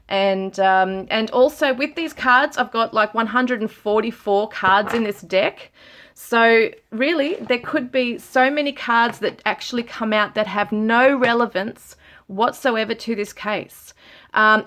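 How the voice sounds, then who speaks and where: A woman talking to her viewers while giving a tarot reading, earnest and emotional, with frequent pauses, sighs and ums. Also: medium pitch, fairly bright tone. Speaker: tarot reader. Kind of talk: casual spiritual reading to camera.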